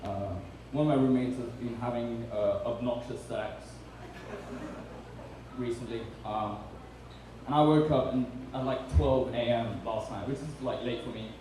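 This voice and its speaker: A young man with a British accent delivers stand-up in a mellow, darker tone, dry and self-deprecating with many ums. He sounds distant from the mic in a very echoey room, with faint background noise. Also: medium pitch, a little slow. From Britain. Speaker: stand-up comedian. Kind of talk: stand-up comedy set. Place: comedy bar stage.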